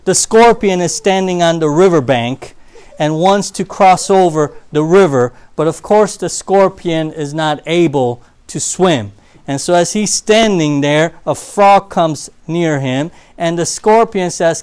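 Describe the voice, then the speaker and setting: A man preaching a sermon in a church, telling stories and swinging from loud emphasis to quiet asides. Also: a little high, expressive, measured pace, smooth.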